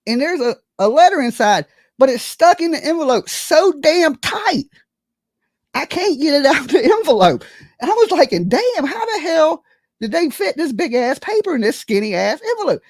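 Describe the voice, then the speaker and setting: Streamer spinning a comic tale, lively up-and-down delivery, dry close sound, keeps asking "right?". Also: high voice, moderate pace, dry recording. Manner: animated, acts out scenes with buzzing sounds and quoted voices; rambling, keeps checking in with "right?" and "okay?". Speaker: live streamer. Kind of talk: comedic storytelling to a live audience.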